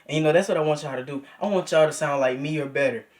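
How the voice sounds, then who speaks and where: Young male music teacher, slightly high voice, casual coaching delivery. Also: quick pace. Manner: coaching, repeats key points, counts beats aloud. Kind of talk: casual trumpet lesson.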